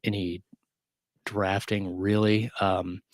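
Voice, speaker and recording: A gruff, hoarse man co-hosts a casual live-stream chat, his voice low and worn down by illness. He rambles loosely with many fillers, heard close and dry. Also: level tone, slow, no room sound. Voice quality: gruff, deep. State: hoarse from bronchitis. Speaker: co-host.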